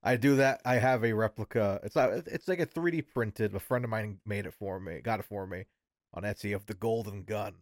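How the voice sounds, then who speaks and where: A man with a lowish voice chatting in a relaxed way on a film podcast. He laughs often, and his voice comes through close and dry. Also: brisk, no echo. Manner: laid-back, laughs often. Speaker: podcast co-host. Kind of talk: casual film podcast chat.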